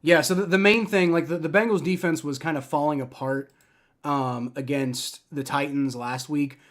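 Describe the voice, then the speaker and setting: A man's voice: a little high, fairly even intonation, moderate pace, a bit bright. A young man hosting a live play-by-play reaction stream, ranting and swearing in frustration as a fan. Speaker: livestream reaction host.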